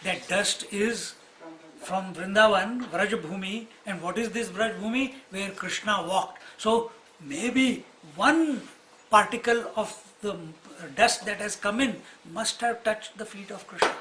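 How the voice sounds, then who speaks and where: A man, a swami teaching scripture in an explanatory, storytelling lecture with frequent pauses. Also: high voice, sharp tone, slight background noise, rough recording.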